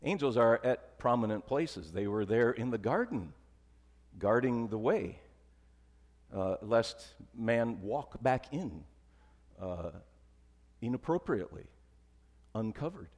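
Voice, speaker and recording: A male pastor delivers a conversational sermon at a middle pitch, often easing into soft, emphatic lows. His voice carries a long reverb that trails through the church. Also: big pitch swings, slow pace, pauses often.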